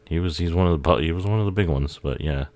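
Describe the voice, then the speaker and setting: A man with an unusually deep, low voice talks through a movie in a loose, rambling way. He swears freely, chuckles often, and drifts off mid-thought before picking up again. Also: quick pace, darkish tone, dry recording. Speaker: YouTube movie commentator. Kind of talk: casual rambling film commentary.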